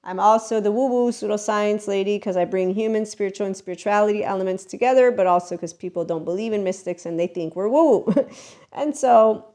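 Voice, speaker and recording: A woman's voice: medium pitch, dark tone. A woman hosting a podcast, talking in a rambling, chatty way about self-help and spirituality, jumping between tangents and laughing now and then. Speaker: podcast host and mentor.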